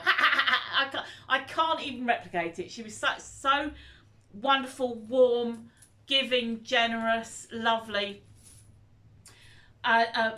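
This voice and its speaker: A woman in her fifties chatting casually as a vlogger, animated and nostalgic as she reminisces. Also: a little high. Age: 50s.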